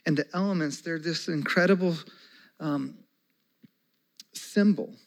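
Guy in his 40s preaching, chatty, goes quiet then gets loud and excited, kinda high voice. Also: vocal fry, rough recording. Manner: conversational, swinging from soft and slow to loud and excited. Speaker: pastor. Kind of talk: sermon.

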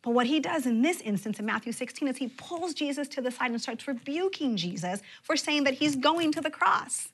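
Expressive woman preaching a sermon. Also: high voice, a little fast, hardly any pauses. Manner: expressive, drops to a near-whisper for emphasis. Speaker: pastor.

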